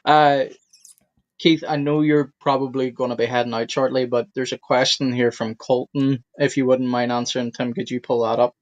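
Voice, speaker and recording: A man from Ireland with an Irish accent, co-hosting a casual podcast chat in a dry, relaxed manner. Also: mid-range voice, moderate pace, dry recording, muffled recording. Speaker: podcast co-host.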